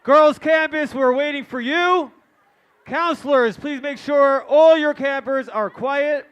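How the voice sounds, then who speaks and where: Very high-pitched man emceeing a live event. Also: slow pace, highs cut off. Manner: shouting to a crowd. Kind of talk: live stage announcing.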